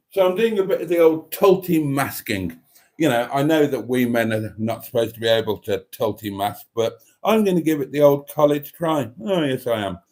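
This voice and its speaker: A camp, theatrical man hosting a live chat show and working through viewer comments. His pitch rises and falls expressively, and he drawls fondly at his audience with a playful, knowing tone. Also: expressive, moderate pace, darkish tone.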